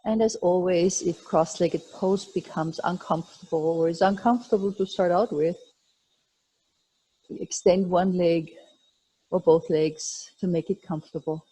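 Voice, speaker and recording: Yoga teacher lady, super slow and calm, soft mellow voice kinda breathy. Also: lowish voice, low-quality recording. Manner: slow, calm, soothing guidance. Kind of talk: guided yoga instruction.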